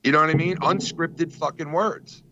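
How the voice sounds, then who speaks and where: Excitable, profane bright-voiced man. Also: a little high, normal speed, highs cut off, a little hiss or hum. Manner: profane, excitable storyteller, heavy fillers. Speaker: podcast co-host. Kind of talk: casual chat.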